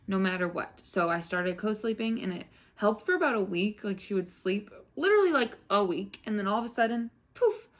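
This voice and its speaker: A young woman and new mother giving her views in a casual vlog, talking frankly with many filler words. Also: medium pitch. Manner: chatty, frank, lots of "like" fillers. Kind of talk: casual parenting chat.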